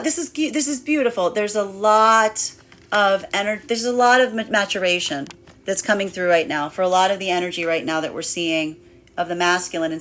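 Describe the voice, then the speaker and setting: A woman's voice: mid-range voice, a bit bright. A woman giving a spiritual tarot reading, talking in repetitive, circling phrases with many restarts and slipping now and then into playful acted asides. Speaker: tarot reader.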